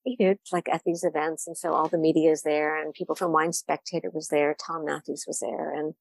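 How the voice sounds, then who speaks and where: A woman's voice: low voice, little pitch movement, fairly quick, vocal fry. A woman wine writer answering interview questions, candid and reflective, often laughing at herself.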